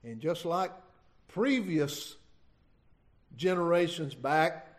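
A middle-aged man preaching an informal sermon, reading scripture and retelling it in a folksy, halting way. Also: fairly high pitch. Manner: folksy, halting, many restarts and asides.

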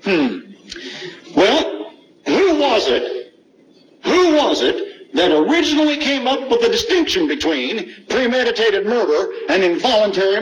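A middle-aged male preacher, his voice pitched high and swinging widely up and down. He reads scripture with emphasis and keeps throwing rhetorical questions at his listeners. A faint hum of room ambience sits behind him. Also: rough recording. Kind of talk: sermon.

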